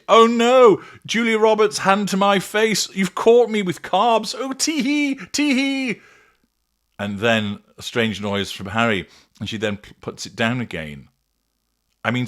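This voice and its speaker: A man with a lowish voice hosts a solo commentary, his tone sardonic and openly contemptuous. He mocks as he goes and lands each point with scorn. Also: a bit bright. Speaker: commentator host. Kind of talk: monologue commentary.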